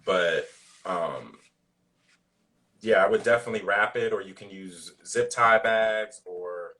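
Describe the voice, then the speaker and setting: A man talking casually as a guest cook in a video-call interview, relaxed and loose, with lots of fillers. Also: fairly low pitch, a little slow, distant mic.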